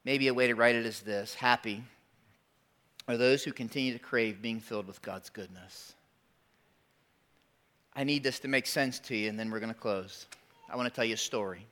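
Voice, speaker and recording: A man's voice: medium pitch, moderate pace, pauses often, pushed and bright. A man in his forties preaching a sermon, storytelling with animation and calling out to his congregation. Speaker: pastor.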